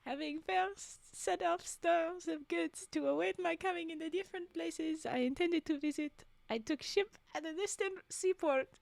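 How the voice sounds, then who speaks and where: A woman's voice: extremely high pitch, normal speed, gravelly, few pauses, no echo, exaggerated voice. A woman voicing an adventurous male merchant sailor recounting his voyages, reading in a put-on French accent and fighting back giggles. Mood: storytelling. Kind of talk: storytime reading.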